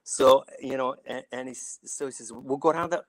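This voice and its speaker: A man's voice: mid-range voice, normal speed, fairly bright tone, no room sound, low-quality recording. A middle-aged man from Saint Louis, an actor guest telling rambling stories with many restarts and acted-out quotes. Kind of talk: casual storytelling.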